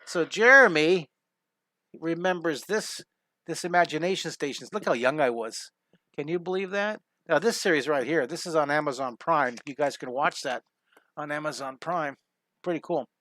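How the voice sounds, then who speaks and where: A man's voice: a little high, normal speed, bright, forceful tone, no room sound. A middle-aged man teaching a live drawing lesson, enthusiastic and rambling as he talks through each step and chats with viewers. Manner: enthusiastic, rambling, reads viewer comments aloud. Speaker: drawing instructor.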